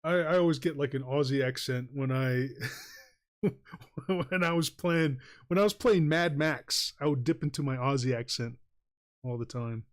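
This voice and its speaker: A man's voice: mid-range voice, moderate pace. A man streaming while he draws, chatting casually and rambling between many fillers, chuckling often. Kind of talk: casual livestream chat while drawing.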